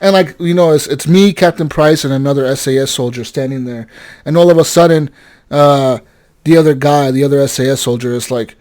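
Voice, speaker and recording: A young man co-hosts a gaming podcast, telling a story with animated energy in a mid-range voice at a slightly fast clip. In this casual gaming chat he swears and acts out the characters' lines.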